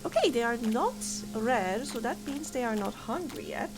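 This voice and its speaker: A woman's voice: fairly high pitch, animated, moderate pace. Giggly woman streamer over game music. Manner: chatty, giggly, thinks aloud. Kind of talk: casual gameplay commentary. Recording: clear game music underneath.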